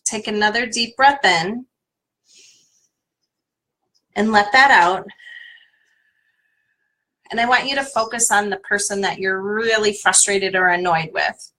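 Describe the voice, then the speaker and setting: A woman's voice: mid-range voice, measured pace, pushed and bright, low-quality recording. A woman coach guiding listeners through a tapping exercise on a live stream, repeating a name again and again for them to follow.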